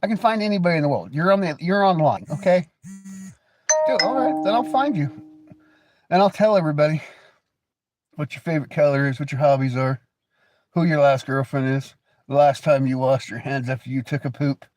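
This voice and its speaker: A man's voice: fairly high pitch, fairly quick, a little mellow, no echo, soft background music. A man with an American accent hosting a livestream, teasing and crude in casual banter. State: coughing. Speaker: livestream host.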